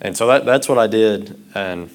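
A man preaching a sermon, starting out halting and rambling, then growing louder and impassioned. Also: on the low side.

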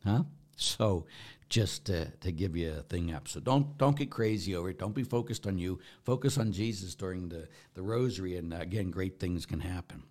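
A man's voice: low-pitched, normal speed, a little mellow. A middle-aged man, a Catholic priest, preaching in a folksy, joking way with emphatic bursts. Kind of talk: informal preaching talk.

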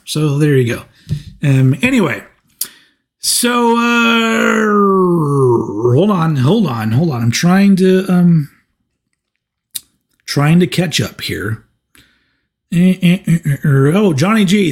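A man in his forties hosting a casual livestream Q&A, talking in a rambling, profane way with lots of restarts. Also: a little high. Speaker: channel host.

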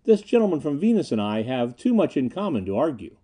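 A man voicing a calm, dryly amused male American stage magician in his late thirties in an audiobook. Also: medium pitch, fairly quick, husky.

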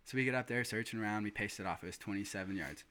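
Male guest, casual storyteller, excitable, forceful bright tone. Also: fairly low pitch, very fast. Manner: excited storytelling, swears and laughs. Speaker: guest telling a hunting story. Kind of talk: casual chat.

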